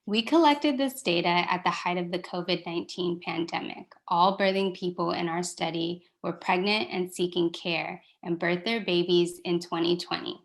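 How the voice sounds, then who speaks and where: Steady woman presenter with a low, gravelly edge reading prepared findings. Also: normal speed, few pauses. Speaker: research presenter.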